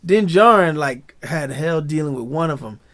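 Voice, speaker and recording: A man hosting a casual, animated episode breakdown, full of slang and laughter. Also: on the high side, normal speed. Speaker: show recap host.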